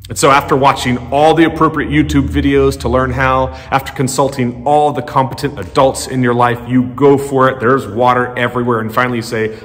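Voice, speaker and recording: A male pastor preaching a sermon in a conversational storytelling way, animated and acting out quotes. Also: mid-range voice, moderate pace. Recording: long church-hall reverb.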